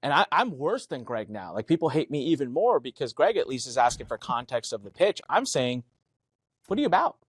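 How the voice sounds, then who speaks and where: A man's voice: medium pitch, sing-song, brisk, hardly any pauses, breathy edge, dry recording, studio quality. A man co-hosting a business podcast, telling stories emphatically, acting out quoted dialogue and swearing casually. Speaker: podcast co-host. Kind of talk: animated business podcast chat.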